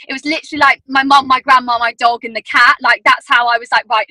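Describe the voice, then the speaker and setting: A woman's voice: sits high, steady tone, fast talker, bright, forceful tone, no echo, poor audio. A young woman on a video call giving a casual training talk, chatty and full of "like"s. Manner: chatty, filler-heavy storytelling with many "like"s. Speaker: team leader giving sales training.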